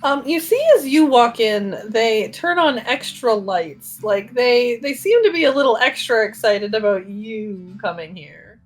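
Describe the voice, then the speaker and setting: A woman's voice: fairly high pitch, animated, a little slow, few pauses. A woman running a tabletop role-play game as game master, narrating scenes in second person and laughing often.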